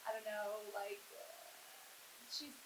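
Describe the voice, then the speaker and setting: A woman's voice: mid-range voice, takes it slowly. A woman, a stage actress, chatting and giggling about her character. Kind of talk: casual interview. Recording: echoey room with hiss.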